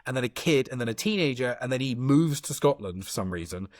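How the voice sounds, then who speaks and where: A man chatting casually about a film on a podcast, rushing between thoughts and swearing freely. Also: medium pitch, no echo, clean studio sound. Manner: rapid, animated, swearing, jumps between thoughts. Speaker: podcast co-host. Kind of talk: casual film-review chat.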